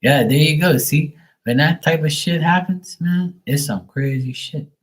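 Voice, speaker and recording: A man chatting casually on a tarot livestream, telling stories in a profane, animated way. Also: on the high side, a little slow, poor audio. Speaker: tarot reader.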